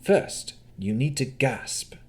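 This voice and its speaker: A man voicing a bubbly, lively winter fae prince. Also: medium pitch, slow pace, voice pushed up. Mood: playful, bossy. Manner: animated and theatrical. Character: cheerful male winter fae prince, playful. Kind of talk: audiobook character voice.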